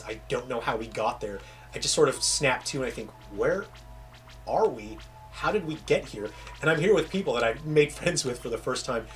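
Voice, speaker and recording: Talking with viewers on his livestream, this man, a game developer, has a medium-pitched, fairly bright voice and a faint Southern American accent. He tells stories in a casual, rambling way, interrupting himself, trailing off and starting sentences over.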